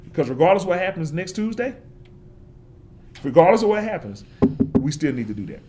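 A man's voice: on the high side, very animated, a little fast, background noise. A man giving an interview, talking with passion and building points through emphatic repetition. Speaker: forester and interview guest.

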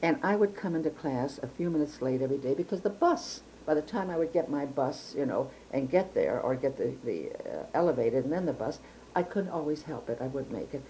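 A woman's voice: extremely low pitch, expressive, a little fast, mellow, a little hiss or hum, low-quality recording. An older woman from Chicago recalling her life in an oral history interview, speaking in a reflective, precise way with frequent restarts. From Chicago, United States.

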